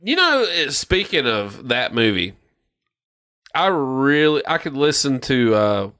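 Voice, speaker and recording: A man's voice: medium pitch, very animated, slow, bright, forceful tone, clear, resonant tone. A man co-hosting a gaming podcast, talking casually with a lot of swearing and frequent laughter. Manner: profane, emphatic, laughs often. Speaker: podcast co-host. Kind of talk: casual chat.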